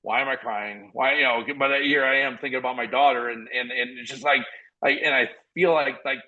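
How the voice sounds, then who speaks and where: A man in his forties from South Dakota, a podcast guest telling stories in an energetic, earnest, rambling way full of restarts. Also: medium pitch, a little fast, dull audio. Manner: earnest, motivational. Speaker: podcast guest, former college football walk-on. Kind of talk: casual conversational storytelling.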